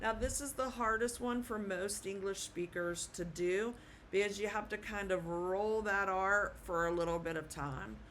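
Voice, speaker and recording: A woman giving an online language lesson, slowly spelling out letters and repeating each sound patiently. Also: mid-range voice, a bit bright, slight background noise. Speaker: Spanish teacher.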